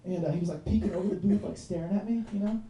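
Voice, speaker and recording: A young man rambles through a stand-up set with a loose, chatty delivery. His voice sits mellow and low-key. The sound comes from well back in an echoey bar. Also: rapid-fire. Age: 20s. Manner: loose, rambling, lots of "like" and "you know what I mean". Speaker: stand-up comedian. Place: bar stage in front of a live audience. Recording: roomy bar recorded from a distance.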